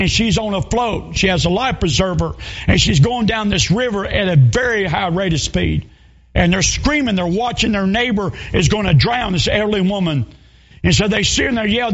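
A revival preacher from North Carolina with a Southern accent, telling a story emotionally and rising to shouts. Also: male voice, high voice, slightly rough, highs cut off. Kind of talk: sermon storytelling.

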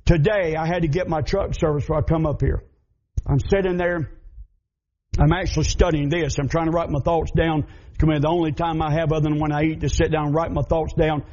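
A man with a Southern American accent preaching a fervent sermon, emphatic and building up to shouts. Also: a little high, level tone, brisk, highs cut off.

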